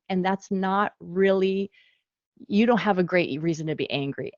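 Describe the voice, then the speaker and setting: A woman speaking as author and guest speaker in a parenting webinar, lively and acting out quick exchanges between parent and child. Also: fairly low pitch, no echo, lo-fi sound. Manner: animated, acts out parent and child quotes.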